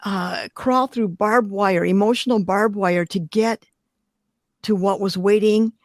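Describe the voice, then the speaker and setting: An older woman, a glass artist from Detroit, speaks a little slowly in a medium-pitched voice as she tells expressive, vivid, emotional stories in an interview. The recording is dry.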